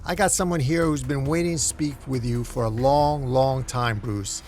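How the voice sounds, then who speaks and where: A man's voice: mid-range voice, normal speed, a little mellow, a little hiss or hum, close to an everyday voice. A man voicing Scarecrow, a sneering male villain, with mocking, gleeful taunts.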